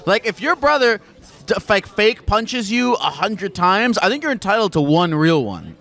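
Male street interviewer, slightly high voice, deadpan dark humor, outdoor street recording. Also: normal speed. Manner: dark jokes told with a straight face.

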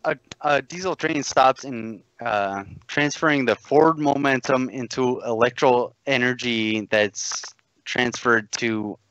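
Slow rambly guy on a podcast, swears a lot, dry room. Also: medium pitch, a bit bright, no echo, dull audio. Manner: rambling, explains at length with fillers. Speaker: podcast co-host. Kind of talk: casual chat.

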